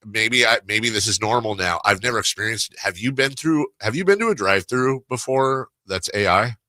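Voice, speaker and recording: Bright-voiced male radio host. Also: fairly low pitch, animated, normal speed, no echo. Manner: rambling, storytelling, restarts. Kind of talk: casual radio chat. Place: radio studio.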